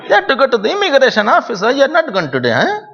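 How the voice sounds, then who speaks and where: A man doing a high, nagging voice of a middle-aged Indian father quizzing his son, in an Indian English accent. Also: wildly swooping pitch, very fast, pushed and bright, heavily acted. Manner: shrill, nagging questions. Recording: dull lo-fi recording.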